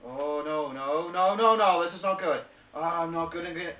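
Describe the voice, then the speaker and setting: A man's voice: a little high, animated, measured pace, sharp tone. A man voicing a scruffy bearded male wizard who swears and gets flustered, recorded a little far off in an echoey room. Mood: frantic. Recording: roomy and distant.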